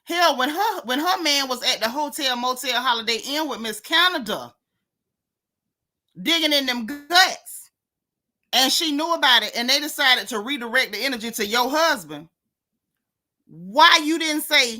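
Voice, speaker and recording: A woman's voice: high-pitched, expressive, moderate pace, pushed and bright. A woman hosting a casual gossip livestream, sassy and mocking as she talks straight to her viewers. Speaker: host of a gossip channel.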